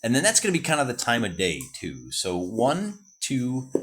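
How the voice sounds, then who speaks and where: An American man talks through a solo wargame in a relaxed, rambling way, thinking aloud and often correcting himself. His pitch rises and falls with lively energy, sitting in an ordinary middle register. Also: fairly quick. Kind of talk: casual narrated solo wargame session.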